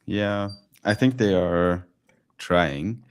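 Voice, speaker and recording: A man hosting a live stream and podcast, relaxed and chatty, often laughing and using fillers. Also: low voice, drawn-out words, clean tone. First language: German. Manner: laid-back, laughing, fillers. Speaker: podcast host. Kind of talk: casual live-stream chat.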